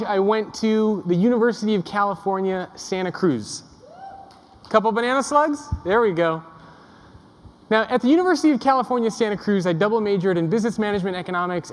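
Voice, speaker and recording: A young man giving a humorous keynote to a live audience, telling self-deprecating stories and joking with the crowd. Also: high voice. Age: young adult. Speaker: keynote speaker. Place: large conference hall before a live audience. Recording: echoey conference hall, live.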